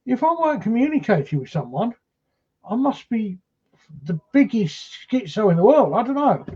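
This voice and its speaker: A man's voice: high voice, very animated, normal speed, warm tone, slightly rough, lo-fi sound. A man, a paranormal investigator, telling a rambling first-hand story on a live stream, full of fillers and restarts.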